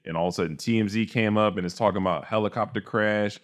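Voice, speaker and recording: A man's voice: on the low side, fast. A man co-hosting a podcast in casual chat, telling stories in a laid-back way and swearing freely. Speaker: podcast co-host.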